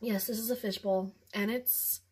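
A woman hosting a home video, chatting casually and then reading a children's story aloud with ums and pauses. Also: mid-range voice, background noise. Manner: animated, with ums and throat clearing.

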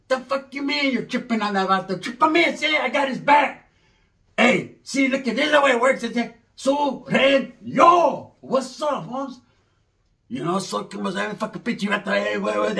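A man voicing a loud, hostile older male gang cousin who shouts slangy threats. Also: high-pitched, expressive, normal speed, gravelly, far from the mic, full character voice.

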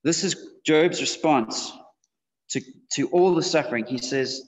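A man's voice: fairly high pitch, unhurried. A man giving a casual, conversational sermon to teenagers in a church hall. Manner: casual, conversational, with frequent fillers. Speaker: youth preacher. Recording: dull, slightly muffled sound with long hall reverb.

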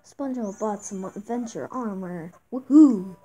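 A woman giving casual commentary on her own gameplay, reading the game's text aloud with excited outbursts. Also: medium pitch, takes it slowly, slight background noise, rough recording. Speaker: gameplay video host. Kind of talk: casual let's-play commentary. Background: game music.

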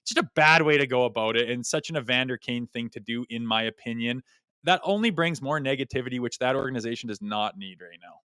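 A man co-hosting a sports podcast, talking fast and bluntly with a bright, forceful edge. His voice is smooth and clear, recorded dry and close with no room sound. He is opinionated, ornery and salty-mouthed. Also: mid-range voice, animated, no room sound. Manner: blunt, opinionated, swears freely; self-described ornery. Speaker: podcast co-host. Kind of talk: casual sports podcast chat.

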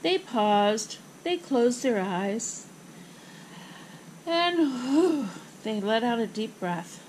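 A woman reading a children's picture book aloud with expressive, rhythmic phrasing. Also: on the high side, takes it slowly, slight background noise, poor audio. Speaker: storybook reader.

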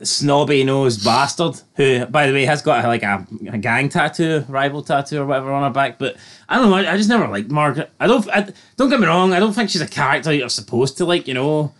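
A man's voice: medium pitch, animated, brisk, a bit bright. A man co-hosting a TV review in casual chat, hedging and rambling as he talks and swearing freely. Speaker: podcast co-host reviewing a TV episode.

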